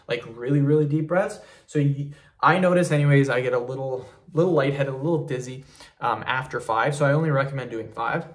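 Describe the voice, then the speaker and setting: A man hosting his own vlog, giving casual tips in a relaxed, rambling way and often calling viewers "you guys". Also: medium pitch. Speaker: fitness YouTuber. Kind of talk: casual talking-head tips video.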